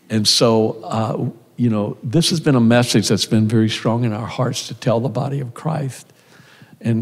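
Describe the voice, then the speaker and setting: An older man with a mid-range, somewhat dark voice preaches a sermon in a church sanctuary, spinning folksy, conversational stories. The recording carries the reverb of a church hall.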